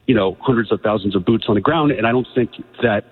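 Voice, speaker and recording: A man's voice: on the low side, quick pace, husky. A man calling into a radio show, speaking earnestly and hesitantly with many fillers. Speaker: caller. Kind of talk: call-in on talk radio. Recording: tinny phone line with long reverb.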